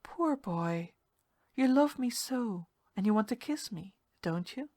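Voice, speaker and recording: A woman voicing a seductive drowned ghost woman who speaks low and slow with a soft, pitying laugh. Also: expressive. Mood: sleepy. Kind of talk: storybook reading.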